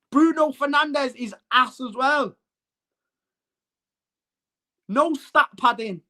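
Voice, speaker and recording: A man's voice: very high voice, unhurried, hardly any pauses, sharp tone. Brash man ranting about football. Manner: brash, mocking, emphatic. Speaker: football stream host. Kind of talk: live-streamed football rant reading out chat.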